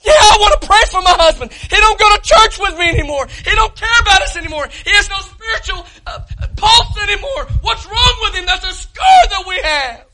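High, bright preacher man. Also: expressive, fairly quick, few pauses, slight background noise, rough recording. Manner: impassioned preaching, shouting and breaking into tears at peaks. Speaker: pastor. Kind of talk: sermon.

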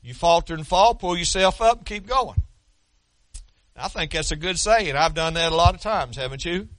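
An older preacher delivers a folksy sermon, stumbling over restarts before surging into fervent declarations. His voice sits high for a man and rings bright and forceful. The sound is close and dry, with no room echo. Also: lively intonation, normal speed. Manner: folksy preaching, rising to fervent shouts, frequent stammered restarts. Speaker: pastor.

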